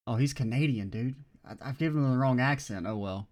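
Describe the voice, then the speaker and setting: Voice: mid-range voice, fairly quick, hardly any pauses, a little mellow, a little hiss or hum. A let's player giving blind playthrough commentary with self-deprecating asides.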